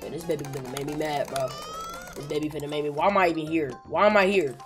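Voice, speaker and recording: A young woman giving excitable, slangy gameplay commentary, yelling and muttering to herself in bursts. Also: low voice, fast talker, over music. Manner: yells and laughs in bursts, slangy, mutters to self. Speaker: gaming YouTuber.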